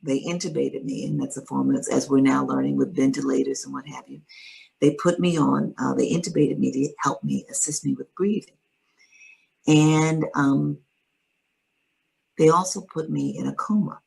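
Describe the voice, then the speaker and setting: A woman earnestly telling a personal story in conversation, measured and steady, with pauses to find her words. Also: very deep voice, creaky, breathy edge, low-quality recording. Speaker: guest sharing her story.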